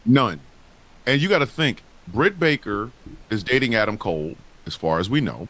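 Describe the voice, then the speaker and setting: A man's voice: fairly low pitch, big pitch swings, normal speed, a bit bright. A man co-hosting a casual wrestling talk show, speaking in a heated, profane and emphatic way. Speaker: podcast co-host.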